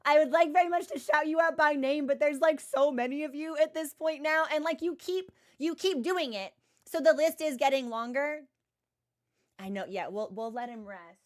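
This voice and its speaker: A woman streamer in casual chat, animated and chatty, with frequent filler words. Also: sits high, normal speed.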